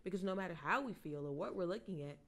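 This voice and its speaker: Earnest woman reading scripture, lowish voice. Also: lively intonation, fast talker. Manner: earnest, reflective, laughs softly. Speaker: podcast host. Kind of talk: devotional podcast talk.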